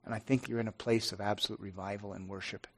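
A middle-aged pastor speaking earnestly and haltingly to his congregation, with many restarts. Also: on the low side, steady tone. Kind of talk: informal devotional talk to a congregation.

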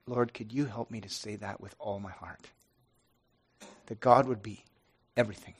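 Middle-aged pastor guy, kinda low voice, earnest, keeps restarting his sentences. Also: steady tone, breathy edge. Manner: earnest, halting, with many restarts. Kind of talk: informal devotional talk to a congregation.

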